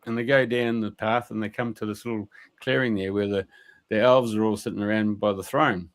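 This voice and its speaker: Telling a story as a guest on a radio interview, this man has a lowish, steady voice and talks fairly quickly. He wanders from point to point in casual speech, full of fillers and sprinkled with mild curses.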